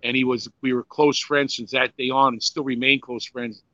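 A man's voice: medium pitch, little pitch movement, moderate pace, bright, forceful tone, dry recording. An older man, a former pro wrestler, telling rambling, profane stories in a casual interview, full of "you know"s and restarts. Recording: dry, slightly dull lo-fi sound.

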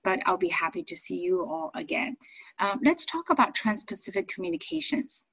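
A middle-aged woman from China, a native Chinese speaker, tells her story as an interview guest in a chatty, animated way. Her voice has a slightly husky edge, and the recording is dry and close with no room sound. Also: medium pitch, brisk, no room sound, low-quality recording. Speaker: business owner and accent coach.

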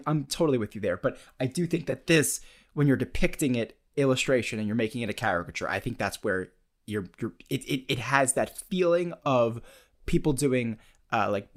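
A man's voice: medium pitch, animated. Hesitant young man in podcast chat. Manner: measured, hesitant, many restarts. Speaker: podcast co-host. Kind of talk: casual debate chat.

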